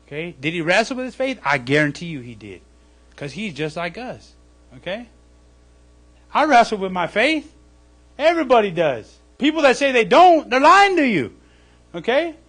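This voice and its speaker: Guy preaching at a church service, high voice that swings all over, keeps saying okay and right. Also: sing-song, normal speed, pauses often. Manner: acts out mocking voices loudly. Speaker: pastor. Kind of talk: sermon.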